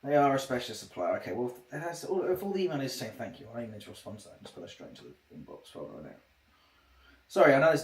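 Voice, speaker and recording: Man streamer, casual, self-interrupting talk, mid pitch, echoey room. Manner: rambling, restarts sentences often. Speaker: livestreamer. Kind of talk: casual livestream chat. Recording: roomy echo.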